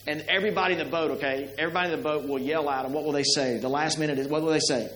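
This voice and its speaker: A middle-aged male pastor with a slightly high voice preaches in an easy, conversational way, often putting rhetorical questions to the congregation. His voice rings around a roomy church sanctuary. A faint hum sits under the recording. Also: steady tone, rapid-fire, fairly bright tone. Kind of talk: sermon.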